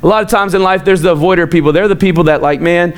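A man's voice: high voice, fast talker. A young adult man preaching a casual sermon, telling stories and acting out the voices of people in them. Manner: animated storytelling, acts out quoted voices, chuckles often. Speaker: pastor.

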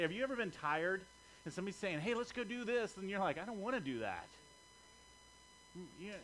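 A man's voice: sits high, pushed and bright, slight background noise, low-quality recording. A middle-aged male pastor preaching a sermon in a conversational way, often checking in with his listeners.

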